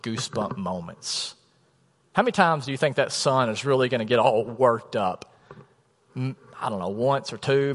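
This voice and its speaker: A man in his thirties, a pastor, preaching a sermon in a chatty storytelling way, often dropping to a soft low voice for emphasis. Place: church sanctuary. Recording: long reverb of a church hall.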